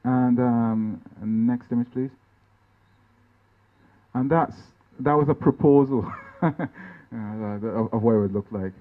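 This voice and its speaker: Guy from guyana talking through his slides, mid-pitch voice, keeps restarting and tossing in "right?", sounds thin like over a phone. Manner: halting, many restarts, tag questions. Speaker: artist giving a talk. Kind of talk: informal lecture over slides. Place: lecture venue. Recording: tinny, phone-like band-limited sound.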